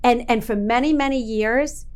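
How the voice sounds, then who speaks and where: A woman hosting a casual chat, animated and teasing in her talk. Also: a little high, normal speed. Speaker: host.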